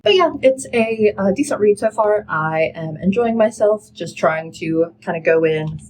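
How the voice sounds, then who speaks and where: A woman's voice: mid-range voice, expressive, measured pace, a little mellow, a little hiss or hum, low-quality recording. A woman vlogging about her reading in a casual, candid chat, dropping lots of "like" fillers. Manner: casual, filler-heavy, with frequent "like"; candid and critical, then upbeat. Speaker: book vlogger. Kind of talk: chatty reading vlog rant.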